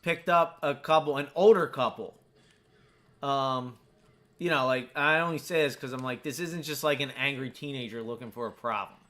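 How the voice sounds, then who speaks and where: Chatty bright-voiced American man gaming. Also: medium pitch, moderate pace. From United States. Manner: rambling, chatty, full of fillers. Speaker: gaming streamer. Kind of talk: casual chat while playing a game.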